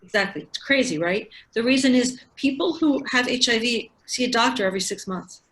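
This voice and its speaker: Over a video call, a female physician and researcher in her sixties explains things in stepwise conversation with frequent restarts. Her voice is fairly high-pitched and fairly bright, and she talks a little fast.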